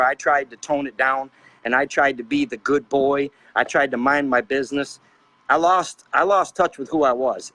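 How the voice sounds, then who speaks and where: A man's voice: a little high, bright, forceful tone, low-quality recording. A middle-aged man on a panel show, ranting with fiery, preachy anger and firing off rhetorical questions as a trucker advocate. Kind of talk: impassioned rant.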